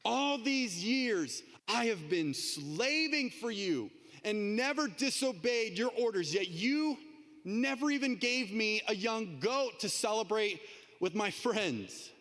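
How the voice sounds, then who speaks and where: A man's voice: high-pitched, lively intonation, takes it slowly, a bit bright, in a large hall, voice pushed up, exaggerated voice. A man voicing a resentful older brother from a parable, who complains to his father. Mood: indignant. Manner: indignant, complaining.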